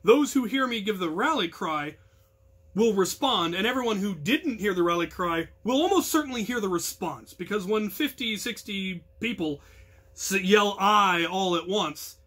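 A man leading a crew, giving an earnest instructional talk that explains its protocols. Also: high-pitched. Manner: earnest, explanatory, with bursts of loud call-outs. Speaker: captain of a hobby combat crew, instructor.

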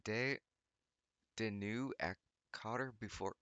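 A man's voice: low-pitched, a little slow, pushed and bright, no room sound. A man reading a text aloud for comedy, stumbling over words, groaning and cutting in with sarcastic remarks. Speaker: YouTuber reading fanfiction aloud. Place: home studio.

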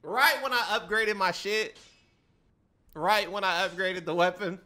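A man's voice: high voice, measured pace, pushed and bright. A young adult man streaming a game live, trash-talking and teasing his chat with a lot of swearing. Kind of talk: live-stream gameplay commentary.

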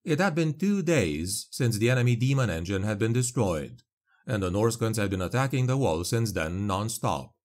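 A man narrating a dark fantasy audiobook in a grave, measured way. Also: lowish voice, lively intonation.

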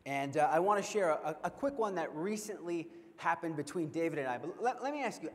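A young man with a high voice tells a humorous story from a conference stage. His delivery is animated and playful, and he keeps questioning the crowd. His voice rings with the long reverb of a big hall. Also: a little fast, few pauses. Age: young adult. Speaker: keynote speaker. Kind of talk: storytelling keynote speech. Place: large convention hall.

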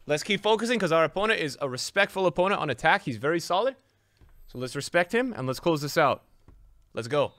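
Excitable man narrating his own gameplay. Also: a little fast. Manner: excitable, swings from loud yelps to low muttering. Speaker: gaming video creator. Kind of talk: live gameplay commentary.

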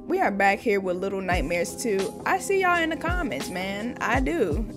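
Woman gamer, slightly losing her voice, animated horror-game commentary with sudden yelps, game music behind her. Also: medium pitch, moderate pace. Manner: excitable, yelps and shouts when startled, chatty to viewers. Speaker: gaming channel host.

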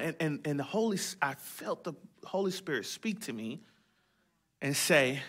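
High bright-voiced preaching pastor. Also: male voice, animated, normal speed. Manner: conversational preaching with humor and repetition; prays aloud in short emphatic phrases. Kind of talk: sermon.

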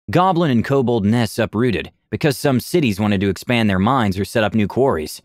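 A cold lizard-folk gentleman speaks in a silky, measured voice with lively pitch movement, as a man voices him. The sound is dry and close, with little room around it. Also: no room sound, natural voice. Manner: measured, composed.

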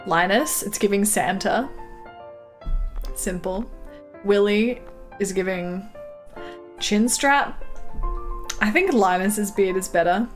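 A young woman streaming a farming game, chatting casually, reading her chat aloud and giggling often while playing. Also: medium pitch. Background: game music.

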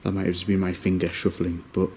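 A man giving ghost-hunting vlog commentary, moving between hushed asides and raised calls to spirits in a cold indoor room. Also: sits low, monotone, fast talker, background noise. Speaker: paranormal investigator.

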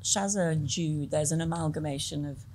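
A woman's voice: deep voice, moderate pace, a little mellow, a little hiss or hum. A middle-aged woman, a film director as interview guest, talking in a chatty, self-deprecating way and laughing often. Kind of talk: conversational Q&A interview.

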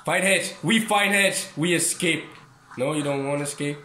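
A man giving excitable, swearing commentary over a horror game. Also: fairly high pitch, moderate pace, reverberant, slight background noise. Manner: excitable, swearing, yelps and laughs. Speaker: gaming streamer. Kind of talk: casual gameplay commentary.

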